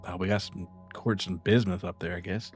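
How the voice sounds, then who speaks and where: A man's voice: low voice, steady tone, fairly quick, over music. A man streaming a game, chatting casually with laid-back, mumbled asides. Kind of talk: casual chat while gaming. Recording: hissy stream audio with clicks.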